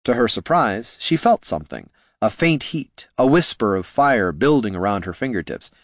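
A man reading a fantasy novel aloud in an expressive storytelling manner. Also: on the low side, moderate pace, dry recording, studio quality. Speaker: narrator. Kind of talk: fantasy audiobook narration.

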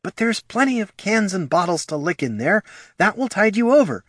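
Proud gnoll widow voiced by a man, raised pitch, pleading, lively intonation. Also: normal speed, dry recording, clean studio sound, full character voice. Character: poor widowed female gnoll mother, proud and fearful.

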